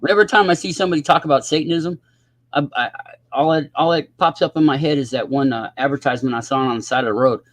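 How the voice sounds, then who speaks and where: A man hosts a casual livestream, talking in a loose, rambling way that is full of swearing. His voice sits a little high for a man. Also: fast, a bit bright, no room sound. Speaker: livestream host.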